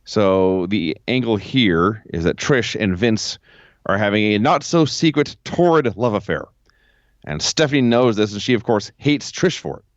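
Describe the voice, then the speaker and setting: A man's voice: on the low side, animated, moderate pace, dry recording, lo-fi sound. A man co-hosting a podcast, recapping old shows in a dry play-by-play way from home over a remote call. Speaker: podcast co-host. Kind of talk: casual recap chat.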